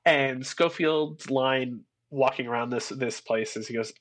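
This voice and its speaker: A man co-hosting a podcast, excitedly retelling a film scene by scene in casual chat. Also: mid-range voice, a little slow. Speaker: podcast co-host.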